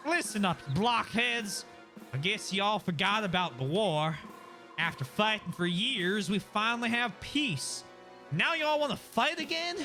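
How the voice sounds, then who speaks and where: A man's voice: high-pitched, expressive, measured pace, pushed and bright, soft background music, voice pushed up, exaggerated voice. A man voicing a feisty young farm girl soldier with an American Southern accent. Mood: scolding. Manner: scolding, folksy.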